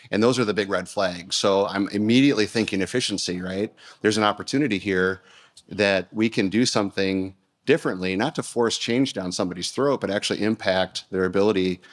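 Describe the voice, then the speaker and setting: A man with a deep, low voice talks as an interview guest. He works through his thoughts out loud, with plenty of restarts and small fillers. His pace is unhurried and conversational. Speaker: podcast guest, company CEO. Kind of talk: casual interview talk.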